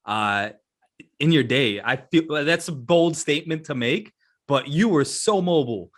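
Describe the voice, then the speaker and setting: A man's voice: fairly high pitch, lively intonation, normal speed, fairly bright tone. A man hosting a casual interview, chiming in with short reactions and eager praise for his guest. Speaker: show host.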